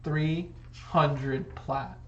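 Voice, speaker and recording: A man voicing a high-strung grown man who collects dolls, shrill and indignant in a tabletop game. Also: steady tone, drawn-out words, echoey room, dull audio, a little hiss or hum. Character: high-strung adult man, doll collector, touchy and dramatic.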